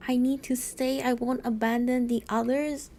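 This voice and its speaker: A woman's voice: sits high, little pitch movement, moderate pace, darkish tone, slight background noise. A woman voicing a resolute young crew member, reading game dialogue in an earnest tone. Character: young crew member staying loyal to workers.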